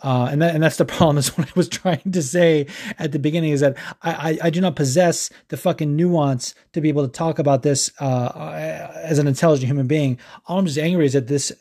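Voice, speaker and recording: Brief: male podcast host, mellow dark tone, angry swearing rant, trips over words. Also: a little high, fairly even intonation, fairly quick. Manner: heated, profane, stumbling restarts. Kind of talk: casual ranting podcast talk.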